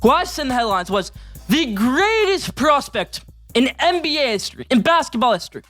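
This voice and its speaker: A man's voice: extremely high pitch, big pitch swings, brisk, fairly bright tone, soft background music. A young man hosting a solo sports show, running hyped, emphatic segments and repeating his points. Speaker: sports podcast host.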